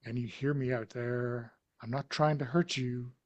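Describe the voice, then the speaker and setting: A man voicing an unseen killer who coaxes and menaces in a ragged, breathy voice during a tabletop horror game. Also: mid-range voice, steady tone, unhurried, a little mellow, highs cut off, natural voice. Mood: coaxing menace.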